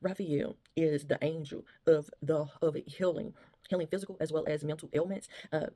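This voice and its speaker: A woman's voice: deep voice, fairly even intonation, moderate pace, mellow. A woman giving a casual, rambling tarot reading to her listeners, often restarting her sentences and calling them y'all. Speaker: tarot reader.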